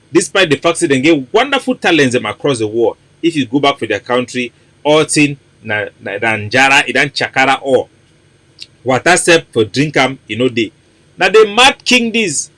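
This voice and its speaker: A man's voice: on the high side, no room sound. A man with a Cameroonian Pidgin English accent, hosting a mocking, emphatic political commentary monologue. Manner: mocking, emphatic, rising to loud declarations.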